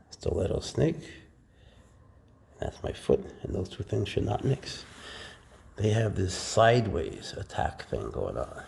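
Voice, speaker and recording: A man casually explaining and handling his snakes in a relaxed, rambling vlog indoors. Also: fairly low pitch, vocal fry, a little hiss or hum. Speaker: reptile keeper. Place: warm indoor room with high ceilings.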